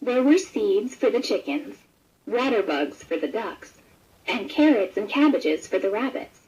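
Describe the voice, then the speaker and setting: A woman narrating a children's picture book in a gentle, expressive read-aloud manner. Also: mid-range voice, a little slow, rough recording. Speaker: storybook narrator. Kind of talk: scripted children's story narration.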